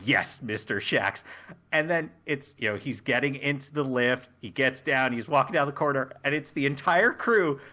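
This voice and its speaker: A man co-hosting a podcast, talking in a casual, rambling way with plenty of fillers. His voice is bright and forceful at a middle pitch, and he acts out scenes as he goes. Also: brisk, few pauses. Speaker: podcast co-host. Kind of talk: casual chat recapping a show.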